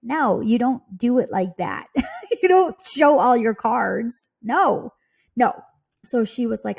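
A woman hosts a real estate podcast and tells her story in casual, chatty asides, giggling often along the way. Her voice is mellow and warm and sits at a middle pitch. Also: measured pace, gravelly, slightly rough.

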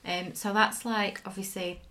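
A woman's voice: mid-range voice, flat delivery, measured pace, bright, forceful tone. A young woman hosting a parenting podcast, asking questions in a loose, encouraging way. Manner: encouraging, frequent backchannel agreement. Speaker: podcast host. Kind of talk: casual podcast interview.

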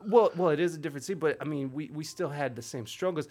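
A man's voice: a little high, quick pace, a little mellow. A man hosting a podcast and live stream, talking casually in a rambling, self-interrupting, jokey way with some swearing. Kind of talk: casual chat.

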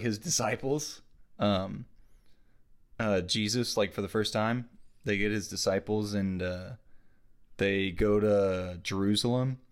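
A young man co-hosting a podcast in casual chat, laid-back, swearing often and laughing a lot. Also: lowish voice. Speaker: podcast co-host.

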